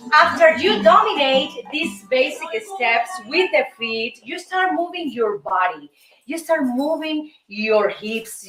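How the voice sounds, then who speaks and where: A woman with a Cuban Spanish accent hosting a salsa dance lesson, counting steps aloud and chanting rhythm syllables, encouraging her viewers as friends. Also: a little high. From Cuba. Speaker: host and dance teacher. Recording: roomy echo, voice from far off, music behind. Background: salsa music.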